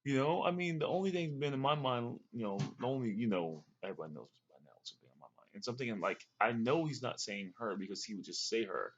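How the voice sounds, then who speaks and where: A man's voice: mid-range voice, animated, fast, hardly any pauses, slightly rough, highs cut off. A man telling a long, rambling story to camera in a casual way, with fillers and restarts. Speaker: vlogger recounting a dream.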